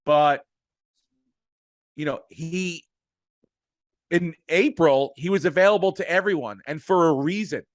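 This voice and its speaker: A man's voice: fairly high pitch, measured pace, long pauses, dry recording, studio quality. A middle-aged man with an emphatic, profane delivery, ranting about sports as a podcast co-host. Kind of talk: heated sports podcast rant.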